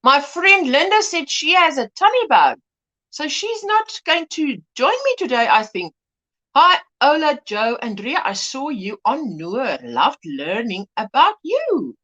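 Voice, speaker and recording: A woman's voice: high voice, sing-song, a little slow, sharp tone, lo-fi sound. A woman hosting a casual livestream chat, greeting viewers by name and laughing often. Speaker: livestream host.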